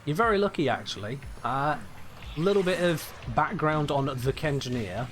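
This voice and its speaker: A young man from Birmingham, England, with a Southern English accent streams a game and chats casually, reading and answering viewer messages as he plays. His voice is a little high, animated and a bit bright, at normal speed with slight background noise.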